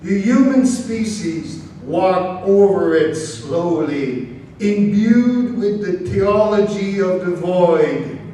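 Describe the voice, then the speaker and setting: A man giving a slow, measured poetry reading with long pauses, in a large church. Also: high voice, expressive, warm tone, slight background noise. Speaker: poet reading at an event. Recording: very echoey church hall, mic far off.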